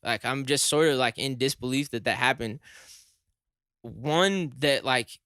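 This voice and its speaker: A young man tells a story in a relaxed chat, his bright, crisp voice climbing higher and louder as the tale turns to shock. The sound is close and dry, with no room in it. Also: measured pace, no room sound. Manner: animated, rises high and loud when shocked. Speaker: podcast co-host.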